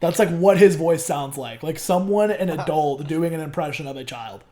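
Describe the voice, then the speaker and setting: A young man chatting casually as a guest on a podcast. He rambles and fills his speech with "like" and swearing, in a voice a little higher than most men's. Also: normal speed, dark tone. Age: young adult. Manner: rambling, loaded with fillers like "like" and swearing. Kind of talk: casual chat.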